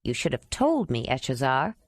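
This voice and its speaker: A woman's voice: rumbling low, very animated, normal speed, no room sound, studio quality, voice pushed down, exaggerated voice. A woman reading the part of a curious man who leads a cave community, in an exclaiming, wondering manner.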